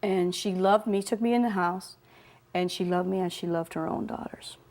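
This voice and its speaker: Woman telling heartfelt stories, softening to a hush. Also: fairly low pitch, moderate pace. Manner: animated storyteller who drops to a soft hush for tender moments; laughs often while telling stories. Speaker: interview guest. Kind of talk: heartfelt personal storytelling in an interview.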